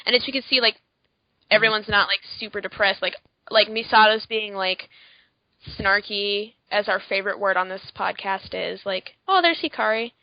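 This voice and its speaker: A woman's voice: medium pitch, level tone, no room sound. Woman co-host, chatty and rambling, mid-range voice on a muffled dry podcast mic. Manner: rambling, filler-heavy, quick asides. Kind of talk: casual chat.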